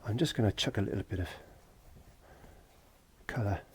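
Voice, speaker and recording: A man's voice: on the low side, normal speed, a little mellow, slight background noise. A man from Wales, chatting and joking to himself as he teaches painting in a shed. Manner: chatty, jokey, talks to himself while working. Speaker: painting tutor. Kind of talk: casual painting tutorial. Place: garden shed.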